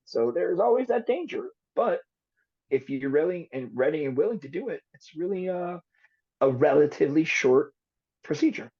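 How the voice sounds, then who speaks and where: Brief: husky-voiced male psychologist, lively and expressive, dull lo-fi podcast audio. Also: fairly high pitch, moderate pace. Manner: animated storytelling explainer. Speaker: psychologist guest. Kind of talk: podcast interview. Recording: dull lo-fi recording.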